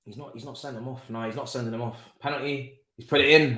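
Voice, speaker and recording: A man's voice: medium pitch, fairly even intonation, fast talker, hardly any pauses, reverberant, background noise. A young man, hosting a live football watchalong, exclaiming and swearing as he reacts.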